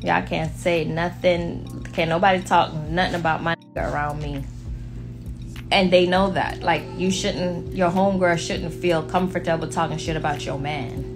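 A woman's voice: on the low side, steady tone, moderate pace, music in the background. A woman with a Jamaican accent chatting casually to viewers, blunt, outspoken and playful. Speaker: vlogger talking to viewers. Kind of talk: casual chat.

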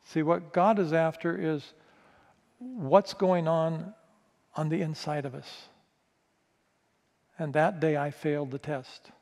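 A male pastor telling a candid, self-mocking story in a sermon, stumbling over quick restarts. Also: fairly high pitch, creaky, darkish tone. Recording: long reverb of a large hall.

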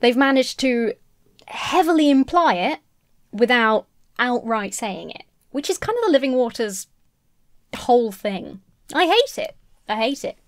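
A woman's voice: a little high, no echo, clean studio sound. A young woman from the UK giving blunt, sarcastic commentary to her viewers, swearing and laughing often. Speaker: video commentator. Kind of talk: casual commentary to camera.

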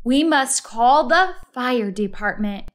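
A woman's voice: a little high, lively intonation, slow pace. A woman voicing an earnest middle-aged husband in a storybook read-aloud, speaking in a firm, declaring tone. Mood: insistent. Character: earnest middle-aged husband, bossy but easily frightened.

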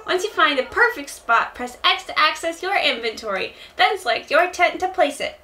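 A woman voicing a smooth-talking male raccoon businessman with a put-on Southern accent, drawling like a salesman. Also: high-pitched, animated, pushed and bright, pitched above the performer's own voice. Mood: cheerful. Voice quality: slow, salesman-like drawl with "yes, yes".

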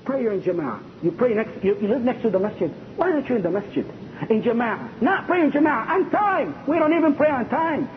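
A high-voiced man preaches with fervor, throwing questions at his listeners. The recording is dull and lo-fi. A faint rumble runs underneath. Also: expressive, a little fast. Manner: impassioned, asks the audience rhetorical questions. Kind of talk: sermon lecture.

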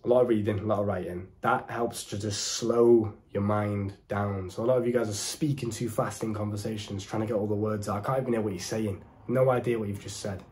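A young man with a British accent giving direct-to-camera dating advice in an emphatic, deliberate, preachy way. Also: lowish voice, steady tone, a little mellow. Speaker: dating coach.

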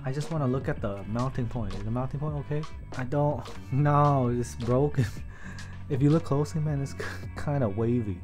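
Excitable, foul-mouthed man streaming a build. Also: mid-range voice, moderate pace, soft background music. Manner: excitable, profane, joking, talks to chat. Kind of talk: casual livestream commentary while building.

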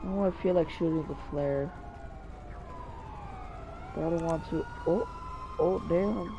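A man with a high voice talks through his solo game run at an unhurried pace, muttering to himself and swearing whenever it goes wrong. Loud game noise runs under his voice the whole time. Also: lo-fi sound. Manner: excitable, mutters and curses at the game. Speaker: gamer. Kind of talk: solo gameplay commentary.

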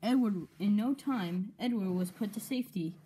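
A woman's voice: medium pitch, moderate pace, warm tone, slight background noise. Woman narrating a toy train story. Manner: casual, with restarts.

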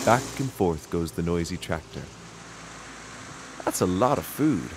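Deep, slow kids' narrator. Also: male voice, animated, a little hiss or hum. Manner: slow, sing-song, pointing things out to kids. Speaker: children's show narrator. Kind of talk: scripted narration for children.

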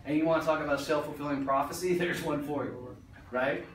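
A man's voice: fairly high pitch, fairly even intonation, fairly quick, a little hiss or hum. A man giving a motivational talk to a business audience, blunt and joking, swearing casually. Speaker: motivational speaker. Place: meeting room. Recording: roomy echo from far off.

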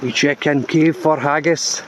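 A man, a tour guide giving deadpan mock-documentary narration in short clipped phrases, out in a woodland. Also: on the high side, measured pace. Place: woodland outdoors. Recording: outdoor noise behind the voice.

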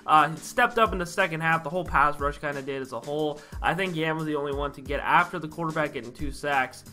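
A man's voice: a little high, fast talker, sharp tone, soft background music. A young man hosting a football recap, ranting in frustration with lots of swearing and rhetorical questions. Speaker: sports podcast host.

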